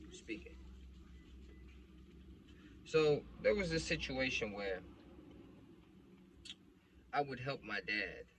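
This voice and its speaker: A man's voice: fairly low pitch, poor audio. A young man tells a story in a laid-back, slangy way, swearing freely. He talks outdoors at an apartment complex, with faint ambient noise around him. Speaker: storyteller vlogger. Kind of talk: casual storytime vlog.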